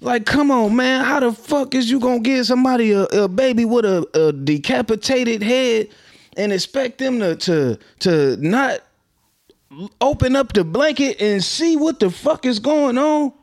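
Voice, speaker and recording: A man's voice: extremely high pitch, lively intonation, unhurried. A man from Minnesota giving casual, laughing, slang-heavy commentary on the news to his viewers. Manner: loose, laughing, slangy street talk. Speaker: commentary vlogger.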